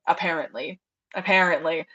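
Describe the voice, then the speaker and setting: A woman's voice: lowish voice, moderate pace, sharp tone, husky, dull audio. Chatty woman rambling on a livestream. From United States. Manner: rambling, chatty, lots of fillers and asides. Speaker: livestream host, rabbit breeder. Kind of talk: casual livestream chat. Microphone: headset.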